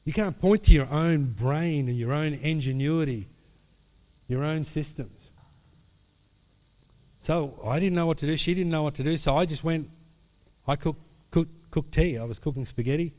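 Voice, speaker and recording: A man preaching a sermon, telling an animated story and acting out the dialogue. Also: a little high, moderate pace. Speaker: pastor. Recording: long hall reverb.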